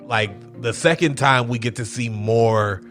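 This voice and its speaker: A man's voice: medium pitch, unhurried, fairly bright tone, faint music behind. A man co-hosting a casual reaction chat, loose and laughing, swearing freely. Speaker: podcast co-host.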